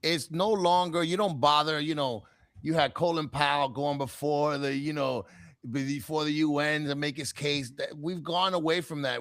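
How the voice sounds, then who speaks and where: A man's voice: on the high side, steady tone, fairly bright tone, no echo, studio quality. A man hosting a podcast in casual political chat, chiming in and agreeing with his guest. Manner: agreeing, quick to chime in. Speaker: podcast host.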